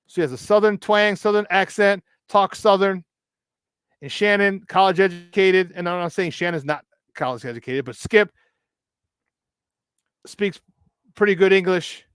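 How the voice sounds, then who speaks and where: A sports talk host with a slightly high voice holds forth in a rambling, casual monologue, hammering each point by saying it twice and adding preachy asides. The audio is dry, close, and smooth, with no echo.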